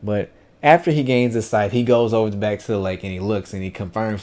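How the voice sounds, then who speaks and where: A man's voice: fairly low pitch, a little fast. A man giving a casual first-impressions anime review, loose and rambling with lots of fillers and restarts. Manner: chatty, animated.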